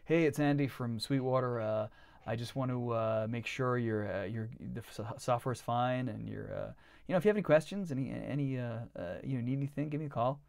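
A man's voice: medium pitch, creaky, a little mellow, dry recording, lightly acted. A man mimicking a fumbling salesman. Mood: hesitant. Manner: halting, full of uhs. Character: fumbling male sales rep on a call.

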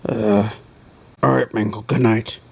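Foxy, a gravelly bossy plush fox, voiced by a man. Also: lowish voice, steady tone, measured pace, a little mellow, full character voice. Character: fussy plush male fox Foxy, overprotective. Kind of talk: plush toy skit acting.

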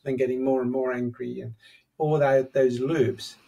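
Appearing as a podcast guest, a psychologist and author on compassion shares a personal story in an animated, conversational way. His gravelly voice has a medium pitch and a moderate pace, and it's recorded from a distance.

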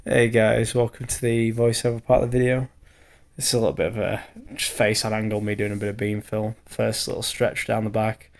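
A man's voice: on the low side, monotone, fairly quick, vocal fry, a little mellow. A man in his thirties, a bricklayer, giving a rambling, casual voiceover full of fillers; he sounds tired from lack of sleep. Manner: rambling, loose talk full of fillers and the odd swear. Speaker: bricklayer vlogger.

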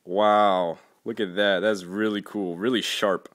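A young man speaking in a casual unboxing vlog, earnest and halting, often lost for words and breaking into gushing exclamations. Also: fairly low pitch, steady tone, fairly bright tone. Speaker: toy collector vlogger.

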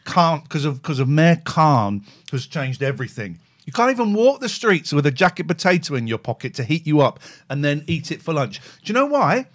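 A man hosting a comedy talk show, his pitch leaping around as he rants with mock outrage. He sits a touch higher than most men. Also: fairly quick. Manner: animated, mock-indignant ranting. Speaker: host. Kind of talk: comic chat, mock rant.

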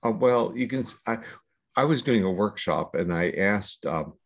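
An older man speaks as a scientist guest in a podcast interview, laying out ideas at length in a measured, lecturing manner. His voice sits low and gravelly, with a husky edge. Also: lively intonation. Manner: measured, lecturing with long explanations. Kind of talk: explanatory interview talk.

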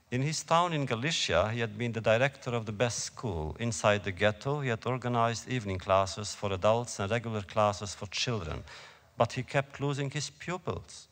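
A man, an author, reading his own prose aloud to an audience in a slow, measured, solemn way. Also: medium pitch, fairly bright tone, in a large hall.

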